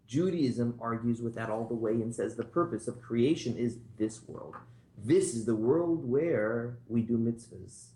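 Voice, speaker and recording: A man's voice: mid-range voice, unhurried, dark tone. A man teaching an informal Torah class, telling stories in a conversational way and putting questions to the class. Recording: roomy echo.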